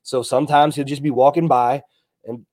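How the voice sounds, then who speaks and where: A man's voice: mid-range voice, steady tone, normal speed, a little mellow, no echo. A young adult man in casual chat, blunt and outspoken, swearing freely.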